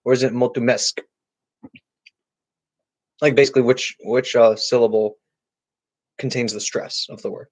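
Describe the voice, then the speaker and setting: A man answering viewer questions on a casual live stream, chatty and halting, with many restarts and repeated words. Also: mid-range voice, steady tone, poor audio. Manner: chatty, talks directly to chat viewers.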